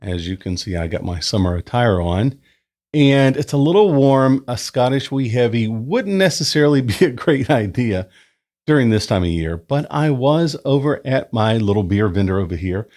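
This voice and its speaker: Chatty guy reviewing beer at home, voice bounces up and down a lot. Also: normal speed. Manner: chatty, relaxed, lively pitch. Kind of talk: casual review with read-out history segment. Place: indoors at home, summer. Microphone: new desk microphone.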